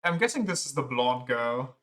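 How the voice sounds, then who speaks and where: Playful streamer with bright tone. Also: mid-range voice, very animated, normal speed. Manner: playful, chatty asides, laughing at own voices. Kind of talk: casual gameplay commentary.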